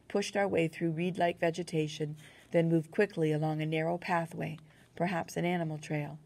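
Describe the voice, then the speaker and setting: Low, gravelly woman reading a novel. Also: a little mellow. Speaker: audiobook narrator. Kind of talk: first-person novel reading.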